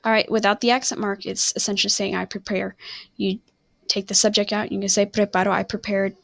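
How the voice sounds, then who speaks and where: A woman teaching Spanish in a recorded online lesson speaks a little fast in a gravelly, medium-pitched voice with a level tone. She rambles, apologizes, and often stops to correct herself, and the audio has no room sound.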